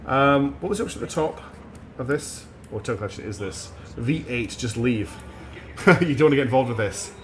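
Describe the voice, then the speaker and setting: Brief: male gaming streamer, chatty and rambling, pokes fun at himself, mid-pitched. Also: animated, brisk, slight background noise. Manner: chatty, rambling and self-deprecating. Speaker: game streamer. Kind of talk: casual gaming commentary.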